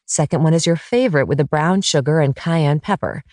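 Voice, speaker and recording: A woman's voice: low voice, brisk, darkish tone, dry recording, clean studio sound, natural voice. A woman reading as a chatty young mother in an audiobook, speaking eagerly and explaining.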